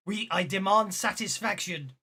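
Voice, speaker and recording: A game master voicing a furious father who loudly demands answers. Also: mid-range voice, husky, full character voice. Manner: loud, indignant.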